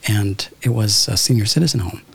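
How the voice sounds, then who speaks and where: A man's voice: lowish voice, brisk, vocal fry, breathy edge. A man in his thirties from Southern California, casually telling a reflective, spiritual story with lots of "like" and "you know". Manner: reflective, spiritual, many fillers like "like". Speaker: podcast guest.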